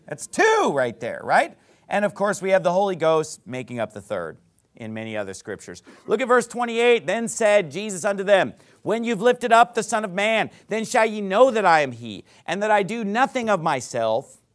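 A man, a pastor, preaching a sermon and reading scripture aloud. He talks emphatically, repeats his points, and builds to loud peaks. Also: high voice, big pitch swings, moderate pace. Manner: reads scripture aloud in King James wording.

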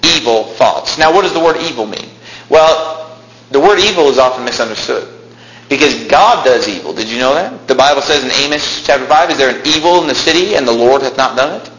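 A man preaching a fiery sermon, swinging between loud raised lines and quiet low ones. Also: expressive, a little fast, reverberant, low-quality recording.

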